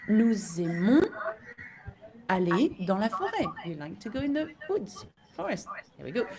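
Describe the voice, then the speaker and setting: A woman leads a French lesson at an unhurried pace. Her pitch moves widely as she repeats phrases and checks whether the learner is following. A steady hiss of noise sits behind her voice. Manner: slow, teacherly, often asks okay. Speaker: French teacher. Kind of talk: recorded language lesson.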